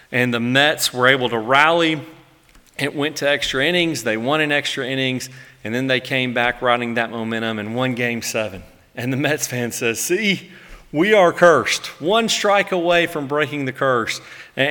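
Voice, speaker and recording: A man's voice: medium pitch, bright, forceful tone, smooth, long reverb tail. A man in his thirties preaching a sermon in an earnest, emotive way, acting out anguished laments. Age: 30s. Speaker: pastor.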